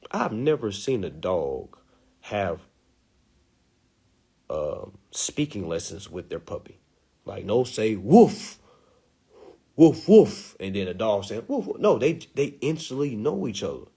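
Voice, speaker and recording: Man, preachy casual talk, husky voice, lively pitch swings. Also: measured pace. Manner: preachy, animated, acts out quotes. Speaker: spiritual teacher.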